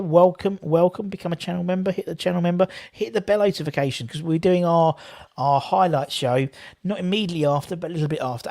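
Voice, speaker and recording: A man's voice: fairly high pitch, darkish tone. A young man hosting a live football watchalong, chatting casually and reading out viewers' comments. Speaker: fan channel host.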